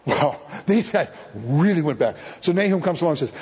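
A man with a high, husky voice preaches with playful puns and acts out the people he quotes. His sermon rings through a long-echoing hall on a dull, lo-fi recording. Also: animated, brisk, hardly any pauses, darkish tone. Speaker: guest speaker. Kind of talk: humorous sermon teaching. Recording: echoey hall, dull lo-fi sound.

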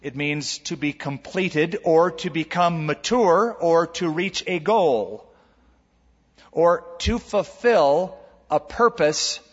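A man's voice: fairly high pitch, husky. Preaching man in a reverberant hall. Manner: animated preaching, drawn-out emphasis, rhetorical questions to the congregation. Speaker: pastor. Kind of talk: sermon. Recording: long hall reverb, dull lo-fi sound.

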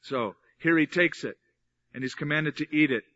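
A man delivers a sermon as a pastor, teaching earnestly and pressing his points through repetition. His voice sits a little high and has a bright, forward edge. The recording sounds dull and lo-fi. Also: moderate pace. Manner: earnest, explanatory Bible teaching with emphatic repetition.

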